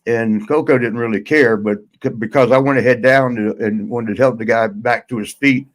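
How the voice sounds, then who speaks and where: A man spins a loose, unscripted yarn as a podcast host, stopping and restarting often and chuckling along the way. His voice sits at an ordinary middle pitch. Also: fairly even intonation, low-quality recording. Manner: rambling, halting, chuckles through his story. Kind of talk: casual storytelling.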